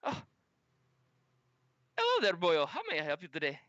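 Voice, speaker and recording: A man's voice: fairly high pitch, huge pitch swings, normal speed, pushed and bright, no echo, lo-fi sound, pitched above the performer's own voice, full character voice. A man doing a hearty Irish quartermaster. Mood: cheerful. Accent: put-on Irish. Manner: hearty, calls everyone boyo. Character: burly Irish male quartermaster, jovial.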